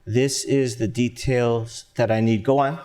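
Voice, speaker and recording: A man playing a calm, probing defense lawyer. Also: mid-range voice, a little slow, lightly acted. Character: patient, insistent defense lawyer. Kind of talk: stage play acting.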